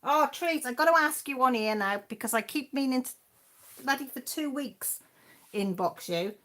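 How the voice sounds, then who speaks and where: A woman's voice: sits high, expressive, moderate pace, bright, forceful tone. Chatty Welsh woman in her sixties. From Wales. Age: 60s. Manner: chatty, rambling, reads viewer comments aloud. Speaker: channel host reading live chat. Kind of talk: casual live-stream chat.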